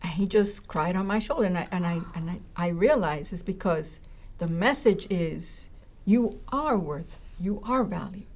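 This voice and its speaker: This college educator has a lowish voice and talks at a moderate pace as she recounts a story conversationally. Lively and animated, she does the characters' voices and often drops in "right?" and "you know" to check in with her listener.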